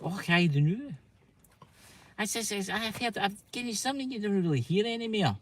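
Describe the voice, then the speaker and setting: A man's voice: high voice, expressive, fairly quick, a bit bright. Chatty Scottish man hosting a livestream. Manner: chatty, teasing, addresses viewers directly. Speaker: livestream host. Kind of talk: casual livestream chat.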